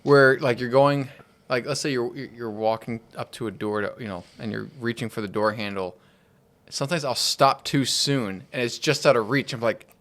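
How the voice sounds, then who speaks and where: A man co-hosting a podcast, describing a personal pet peeve with self-mocking, animated energy. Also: medium pitch, a little fast. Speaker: podcast co-host. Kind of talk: casual chat.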